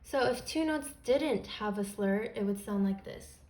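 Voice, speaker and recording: A woman's voice: mid-range voice, a little slow, heavy background noise. A woman patiently explaining beginner music theory step by step, as a teacher.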